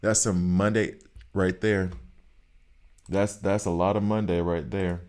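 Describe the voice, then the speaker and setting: A man's voice: low voice, fairly even intonation, unhurried, pauses often, a little mellow. A man casually chatting with his viewers as he plays a game on stream, thinking aloud about stats and choices. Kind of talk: casual live-stream commentary while playing.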